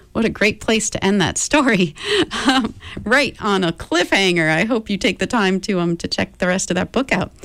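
A woman's voice: mid-range voice, fairly bright tone, no room sound. A woman radio host reading a story aloud expressively, then chatting casually between songs.

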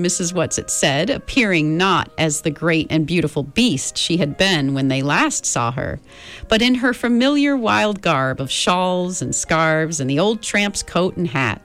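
A woman's voice: lowish voice, lively intonation, measured pace, a bit bright, faint music behind. A woman reading a storybook aloud expressively, voicing each character. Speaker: audiobook narrator.

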